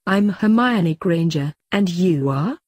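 Woman reading as a bossy know-it-all schoolgirl, eager, husky voice. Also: on the low side, animated, slow pace, darkish tone, no room sound.

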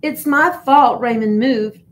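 A woman's voice: mid-range voice, moderate pace, darkish tone, natural voice. A woman reading aloud, voicing a young male shark who pouts and talks plaintively in a storybook. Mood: sad. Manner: pouting, plaintive. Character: young male shark, sulky then cheerful.

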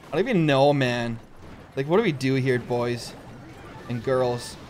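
A young man hosting a gaming channel, giving gameplay commentary and jumping to loud, excitable outbursts. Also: mid-range voice, measured pace, a little hiss or hum.

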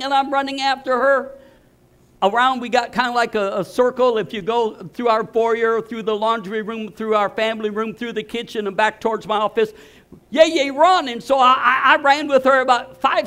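A man's voice: very high voice, fairly bright tone. An older male pastor preaching a sermon, emphatic and repeating words as he builds each point. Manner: repetitive, emphatic, restarts phrases.

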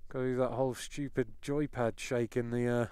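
A man's voice: mid-range voice, level tone, moderate pace, dark tone, clear, resonant tone, no echo. Sarcastic man streaming a game. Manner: sarcastic, exasperated, swears a lot. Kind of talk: live gameplay commentary.

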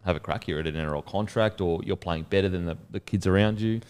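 A low-voiced Australian man hosts a relaxed sit-down chat. He keeps his guest talking with brief, encouraging interjections. His questions come out loose and conversational. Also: quick pace, clean tone. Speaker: podcast host. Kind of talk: casual chat.

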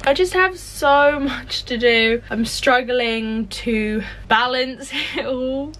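A young adult woman vlogs casually about her day at home, indoors. Her voice is high and a bit bright, and she takes her time, rambling, chatting, and poking fun at herself.

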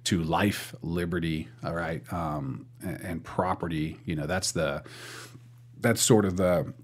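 A young man with a low, slightly husky voice hosts a casual podcast. He rambles, repeats words while he gathers his thoughts, and keeps an easy, chatty flow. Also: a little slow. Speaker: podcast host.

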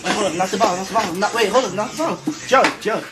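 A man's voice: high voice, racing, loud music behind the voice. A young man in a room bossing his friends around in slangy, crude banter. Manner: bossy, slangy, urging others on. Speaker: friend in a home video. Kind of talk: rowdy casual banter. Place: indoor room. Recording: very noisy home camcorder audio.

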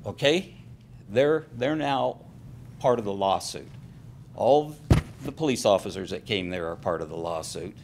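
A man's voice: lowish voice, expressive, unhurried, vocal fry, darkish tone, slight background noise. An older man speaking as a public commenter at a city council meeting, aggrieved and emotional. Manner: aggrieved, grows agitated and emotional.

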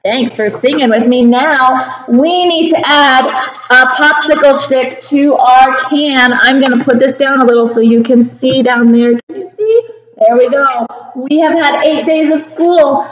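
High-voiced kindergarten teacher, slow and sing-song. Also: female voice, fairly even intonation, roomy sound, rough recording. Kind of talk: calendar lesson for young children.

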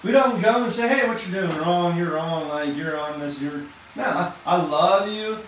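A man preaching an informal sermon in a fast, excited, conversational way, with casual slang. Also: sits high. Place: church hall. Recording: echoey room from far off, faint noise.

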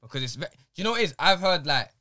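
A young man hosting a casual podcast, asking questions quickly and telling stories. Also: on the high side, sing-song, pushed and bright, dry recording, clean studio sound. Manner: quick, curious, storytelling. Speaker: podcast host.

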